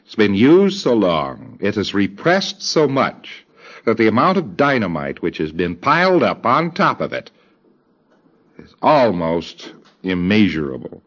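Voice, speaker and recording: A low-voiced man lectures with a lively, swinging delivery and slips into quoted voices as he goes. The sound is dull and lo-fi, like an old tape. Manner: deliberate, acts out dialogue in quoted voices. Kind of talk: recorded lecture.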